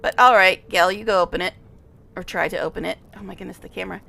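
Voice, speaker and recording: A woman's voice: mid-range voice, steady tone, fast talker, creaky, pushed and bright, a little hiss or hum. Giggly, chatty woman streamer. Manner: chatty and giggly, with frequent laughs. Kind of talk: casual gameplay commentary.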